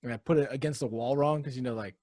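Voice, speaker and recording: A man's voice: mid-range voice, fast talker, dark tone, dry recording. A man co-hosting a casual podcast, laid-back and swearing freely, calling his friend "dude". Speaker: podcast co-host. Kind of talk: casual chat.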